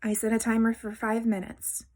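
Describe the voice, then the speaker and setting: A woman talking straight to her viewers in a heartfelt vlog, gentle and reassuring, sometimes sinking to a soft near-whisper. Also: a little high, completely flat delivery, normal speed. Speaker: vlogger. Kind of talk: heartfelt personal vlog talk.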